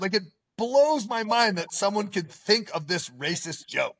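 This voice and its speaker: A man hosting a podcast in casual, animated chat, often stopping to add "okay?" to drive his point home. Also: high-pitched, a little fast, few pauses. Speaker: podcast host.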